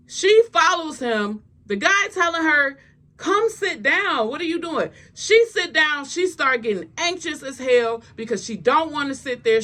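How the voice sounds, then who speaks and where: A woman's voice: high voice, sharp tone. A woman giving casual gossip commentary, blunt and exasperated, and swearing freely.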